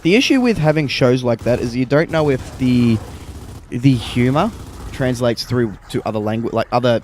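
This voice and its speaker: A man's voice: medium pitch, animated, moderate pace, darkish tone, a little hiss or hum. A man with an Australian accent chatting casually over gameplay as co-host, explaining things at length into a close handheld mic. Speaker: gaming podcast co-host.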